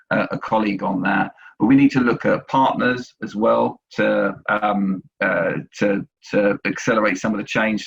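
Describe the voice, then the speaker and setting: A man's voice: on the low side, vocal fry, husky, highs cut off. A man, an agency chief executive, speaking on a panel with many restarts and fillers. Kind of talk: panel discussion on video call.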